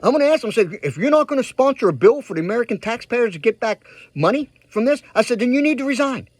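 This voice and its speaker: Guy ranting at the camera, husky voice, dry close sound, keeps repeating himself. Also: very high voice, expressive, quick pace, dry recording. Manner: heated, repetitive, emphatic, addresses viewers directly. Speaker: political vlogger. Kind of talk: ranting direct-to-camera commentary.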